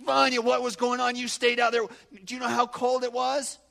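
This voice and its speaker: A man's voice: sits high, animated, moderate pace, gravelly, sharp tone, long reverb tail, voice pushed up, full character voice. A man voicing teasing young soldier comrades who sound raised and incredulous.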